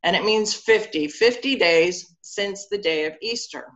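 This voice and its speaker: A woman's voice: mid-range voice, measured pace, dull audio. A woman priest giving a sermon in church, telling personal stories in a conversational way.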